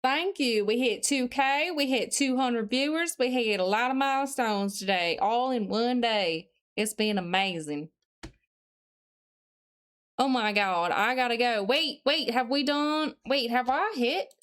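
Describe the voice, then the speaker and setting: A woman's voice: a little high, unhurried, a bit bright, smooth. A woman streamer chatting casually on a live stream, reading chat messages aloud, answering them, and thinking aloud while she studies.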